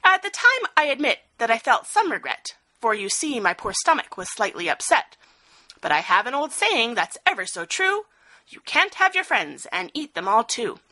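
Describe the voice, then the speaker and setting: A woman's voice: a little high, very animated, moderate pace, sharp tone, heavily acted. A woman playing a crafty creepy old crocodile. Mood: sly. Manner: sly, smooth-talking.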